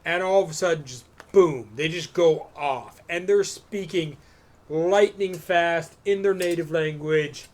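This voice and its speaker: Guy on a livestream telling a story, a bit high voiced, swears a lot, animated. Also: measured pace. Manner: loose, profane, animated storytelling. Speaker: podcast co-host. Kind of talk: casual storytelling on a live stream.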